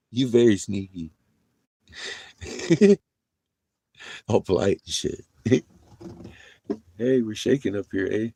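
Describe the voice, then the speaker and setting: A man's voice: medium pitch, vocal fry, a little mellow, breathy edge, no room sound. A man livestreaming from his vehicle, chatting casually with viewers, laughing often and swearing freely.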